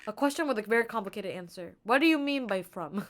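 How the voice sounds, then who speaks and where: A woman's voice: medium pitch, expressive, quick pace. A young woman chatting casually on a live stream into an earbud mic, rambling and giggling in a playful way.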